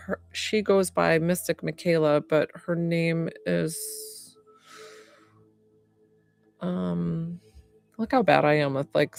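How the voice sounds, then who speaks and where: A young woman from upstate New York rambles through a casual live-stream chat in a lowish, gravelly voice, taking her time. She keeps stopping to answer viewers by name. The sound is dry and close, with faint music underneath. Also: darkish tone, dry recording. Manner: rambling, chatty, reads out viewer comments. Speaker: medium hosting a live stream.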